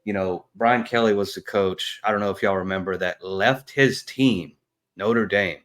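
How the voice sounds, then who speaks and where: A man's voice: lowish voice, normal speed, a bit bright. A man, co-hosting a casual sports podcast, blunt and trash-talking with lots of fillers. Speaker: podcast co-host.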